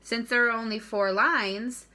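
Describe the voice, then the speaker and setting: A woman teacher giving a recorded lesson to young children, speaking slowly and deliberately, stressing key words and repeating them. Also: fairly high pitch, fairly even intonation, sharp tone.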